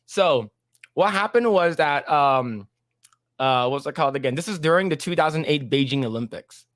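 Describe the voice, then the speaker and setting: Male podcast host, somewhat high voice, rambling casual chat, laughs often, dry close sound. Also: lively intonation, moderate pace, a bit bright, no echo.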